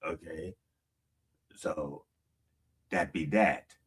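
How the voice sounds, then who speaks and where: An extremely low, husky voice belongs to a pastor who speaks very slowly, recorded on a distant mic. His casual, conversational sermon has him reading song lyrics aloud and unpacking them, with frequent "okay?" checks.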